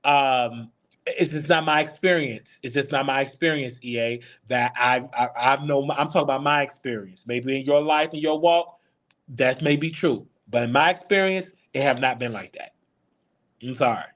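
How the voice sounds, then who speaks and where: A man's voice: medium pitch, moderate pace, fairly bright tone. A man in his thirties hosting a live Q&A, talking candidly about his own life. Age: 30s. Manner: candid, confiding, personal storytelling. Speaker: show host. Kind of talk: live Q&A chat.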